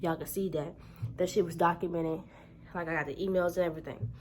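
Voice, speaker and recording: A woman's voice: on the low side, steady tone, fast. Fired-up, cursing woman vlogger. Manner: heated, profane storytelling. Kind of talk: casual storytime vlog.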